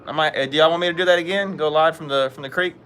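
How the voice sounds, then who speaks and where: A man's voice: a little high, fairly even intonation, rapid-fire, fairly bright tone, a little hiss or hum. A man hosting a casual fishing live stream outdoors, chatting and greeting viewers by name. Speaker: fishing livestream host. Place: outdoors at home.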